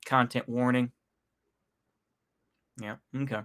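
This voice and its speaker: A man's voice: mid-range voice, flat delivery, takes it slowly, fairly bright tone, clear, resonant tone. Slangy man riffing in a reaction video. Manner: slangy, sighing, laughing to himself; rambling with frequent fillers. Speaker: YouTube commentator. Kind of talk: casual reaction commentary.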